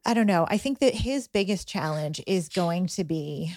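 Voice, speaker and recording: A middle-aged woman, a guest on a chat show, telling animated stories about her son with exasperated asides. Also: on the low side, moderate pace, no echo, clean studio sound. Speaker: podcast guest, parent. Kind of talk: casual chat.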